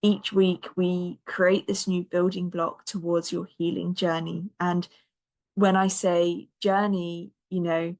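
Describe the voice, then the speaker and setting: A young woman hosting a podcast, her voice a touch croaky. She speaks gently and encouragingly, in a lowish, fairly even tone without much lift. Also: slow pace. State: slightly croaky voice. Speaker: podcast host and coach. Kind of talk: podcast monologue.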